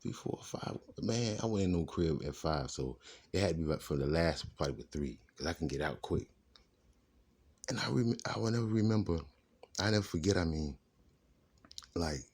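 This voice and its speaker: A man's voice: rumbling low, darkish tone, breathy edge. A man telling his life story in a rambling, casual way, drifting off topic and restarting his sentences. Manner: rambling, digressive, restarts often.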